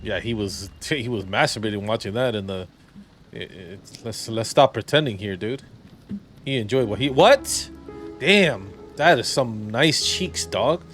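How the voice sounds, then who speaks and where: A man's voice: fairly low pitch, unhurried, a bit bright, soft background music. A man doing casual, crude, joking commentary while playing a video game. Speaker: gameplay streamer.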